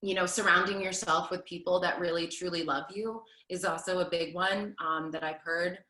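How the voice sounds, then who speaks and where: A woman in her thirties, a stage performer, answering interview questions in an animated, chatty way with lots of fillers. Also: lowish voice, moderate pace, echoey room, low-quality recording. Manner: animated, laughs often, many fillers. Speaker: Broadway performer, guest.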